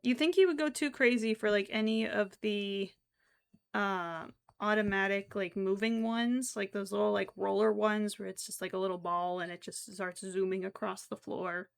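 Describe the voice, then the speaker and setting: A woman's voice: medium pitch, fairly even intonation, normal speed, vocal fry, clear, resonant tone. A young woman chatting casually with her stream while crocheting, giggly and given to frequent exclamations.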